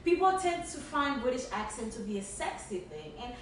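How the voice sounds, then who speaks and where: A woman's voice: fairly high pitch, sing-song, moderate pace. Woman, podcast co-host, casual chat, earnest and emphatic, faint hiss behind. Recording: echoey room, distant mic, faint hiss.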